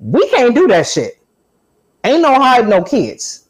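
A woman's voice: fairly high pitch, wildly swooping pitch, measured pace. A middle-aged woman co-hosting a podcast, blunt, profane and joking in casual chat. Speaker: podcast co-host.

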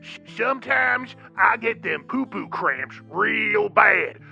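A man's voice: high-pitched, animated, takes it slowly, creaky, bright, forceful tone, dull audio, soft background music, heavily acted. A man voicing a goofy, hesitant caller with an embarrassing question. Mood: awkward. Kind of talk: comedy radio call-in sketch.

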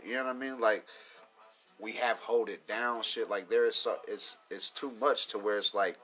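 A man's voice: fairly low pitch, bright, forceful tone. A man talking in a casual, rambling monologue, swearing freely, laughing often and leaning on fillers. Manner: profane, loose, laughs often, many fillers. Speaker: commentator.

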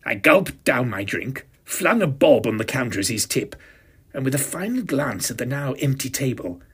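A man's voice: mid-range voice, sing-song, normal speed, husky. A man in his fifties narrating a first-person audio drama with a pompous, self-satisfied, arch manner. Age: 50s.

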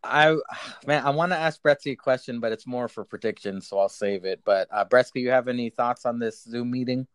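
A man's voice: medium pitch, fairly quick, hardly any pauses, clear, resonant tone, dry recording. Casual man recapping wrestling matches. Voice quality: casual, swears, laughs with co-hosts. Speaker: podcast host.

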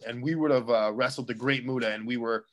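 Excitable rambling male wrestler. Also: medium pitch, quick pace. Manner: excitable, rambling with many restarts. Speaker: professional wrestler, guest. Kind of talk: casual interview chat.

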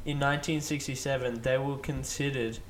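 A man co-hosting a podcast, chatting casually and jumping in with quick reactions. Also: medium pitch, fairly even intonation, a little hiss or hum. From Australia. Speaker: podcast co-host. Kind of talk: casual chat.

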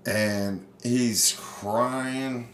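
A man hosting a casual chat, telling baseball stories with lots of swearing and animated energy. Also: mid-range voice, extremely slow, echoey room, slight background noise. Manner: profane, animated storyteller. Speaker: podcast host.

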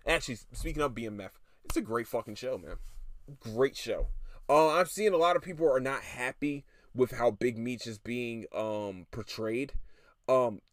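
A man's voice: medium pitch, no room sound, studio quality. A tired podcast host, a man, ranting casually with lots of swearing and stammered restarts. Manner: irritated, profane, rapid restarts and stammers.

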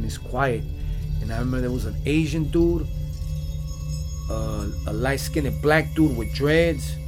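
A man, telling his own story in loose, rambling slang full of "like" and "you know". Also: medium pitch. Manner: profane street slang. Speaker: podcast guest telling his life story. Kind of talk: casual storytelling.

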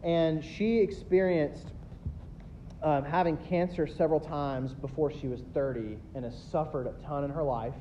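A pastor in his thirties preaching a sermon, swinging between loud emphatic builds and quiet asides. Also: fairly even intonation, normal speed. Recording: dull lo-fi recording with faint rumble.

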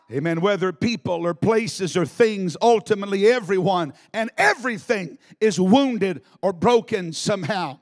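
A male preacher giving a live sermon in a church, moving from quiet teaching to shouted exhortation. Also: sits high, lively intonation, normal speed, hardly any pauses. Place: church in Alabama.

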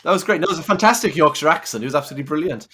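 A man's voice: a little high, animated, rapid-fire, bright, forceful tone, slight background noise. A man co-hosting a podcast in casual chat, enthusiastic and a bit rambling. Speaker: podcast co-host.

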